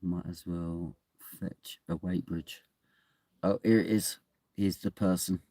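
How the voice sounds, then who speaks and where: A man's voice: low-pitched, level tone, slow pace, mellow, no echo. A man chatting casually to his phone camera from inside a parked car at night, in a wry, mumbling way. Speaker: vlogger.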